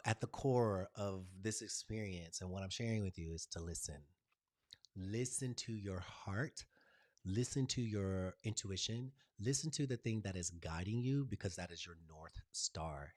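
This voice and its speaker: Animated man hosting a spiritual live stream. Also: on the high side. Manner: animated storyteller, swings between loud excitement and soft hush; casual and affectionate, calling viewers "y'all", "baby" and "honey". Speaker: channel host. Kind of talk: live-stream chat, spiritual pep talk.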